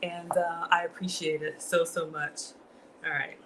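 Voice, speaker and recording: Lowish-voiced woman with a Southern lilt. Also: flat delivery, a little slow, fairly bright tone, soft background music, low-quality recording. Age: middle-aged. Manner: chatty, greets viewers by name, reads out comments. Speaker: home cook streaming live. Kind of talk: casual livestream cooking chat. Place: home kitchen.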